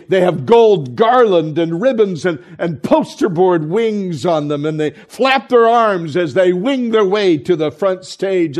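A man preaching to a church congregation, telling a story with lively acted-out voices, then dropping to soft, hushed tones. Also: high-pitched. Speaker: pastor. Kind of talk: sermon storytelling.

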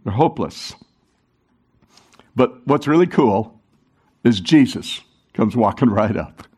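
A man preaching a sermon to a congregation, animated, talking with the room and acting out the quoted voices. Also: mid-range voice, measured pace, slightly rough. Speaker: pastor.

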